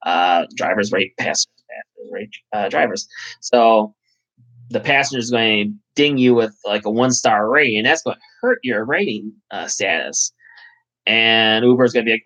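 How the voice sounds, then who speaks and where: A man's voice: on the low side, normal speed, bright, forceful tone, rough recording. A man hosting a casual live chat, rambling and swearing, with lots of fillers. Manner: rambling, profane, full of fillers. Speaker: channel host.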